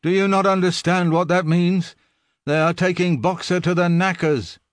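A man voicing an old, cynical male donkey who shouts urgently. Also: high voice, steady tone, normal speed, no echo, pitched above the performer's own voice, natural voice. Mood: urgent alarm.

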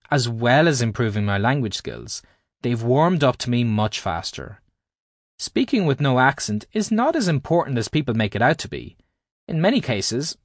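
A man from Ireland, reading his own language-learning book aloud in a clear, explanatory teaching manner. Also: medium pitch, dry recording, studio quality. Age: adult, at least 20s. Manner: explanatory, carefully paced teaching delivery. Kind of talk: scripted audiobook narration.

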